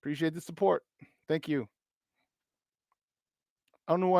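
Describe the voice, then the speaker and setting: A man's voice: fairly high pitch, steady tone, normal speed, creaky, dark tone, dry recording, clean studio sound. Laughing man hosting a sports chat. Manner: greets chat viewers, laughs often, banter. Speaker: sports talk show host. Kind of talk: casual livestream chat.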